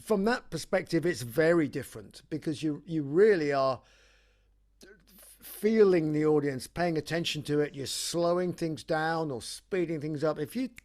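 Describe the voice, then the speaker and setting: An Englishman with a fairly high voice chats through his anecdotes with dry humor. He stumbles and restarts often as he tells them, then carries on. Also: darkish tone. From England. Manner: halting, full of restarts, wry storytelling. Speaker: rock singer interviewee. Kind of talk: casual anecdotal chat.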